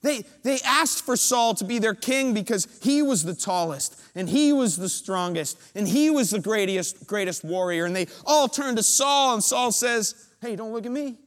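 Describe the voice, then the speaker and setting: A man preaching a sermon, retelling a story with dramatic build-up and pauses. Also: high voice, expressive, a bit bright, big-room sound.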